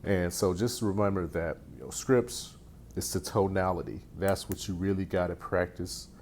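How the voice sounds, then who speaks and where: A man's voice: low-pitched, fairly even intonation, normal speed, darkish tone, a little hiss or hum. A man speaking casually as a real estate coach, sharing sales advice in a loose, conversational way with frequent restarts. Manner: conversational, repeats phrases and restarts often. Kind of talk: casual teaching talk.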